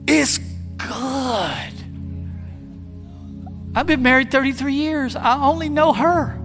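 A man in his fifties, a pastor, preaching a playful sermon that builds to shouts. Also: very high-pitched, slow, long pauses, faint music behind. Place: church sanctuary. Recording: long hall reverb.

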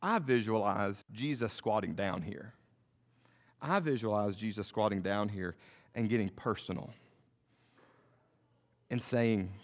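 A middle-aged male pastor preaching a sermon, swinging between loud and soft and asking the congregation rhetorical questions. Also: fairly low pitch, a little slow, long pauses, in a large hall.

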